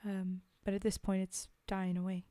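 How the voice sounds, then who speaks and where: A woman's voice: medium pitch, completely flat delivery, moderate pace, mellow, no room sound. Woman, streamer, casual chat, giggly asides, dry sound. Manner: chatty, giggly asides, many ums. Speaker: streamer reading poetry. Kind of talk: casual chat between poems.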